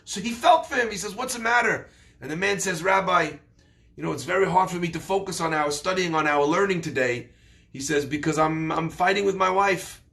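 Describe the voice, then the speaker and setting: A man giving a sermon as a story, with lively storytelling that acts out the voices of the people in it. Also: high voice, fairly quick, gravelly.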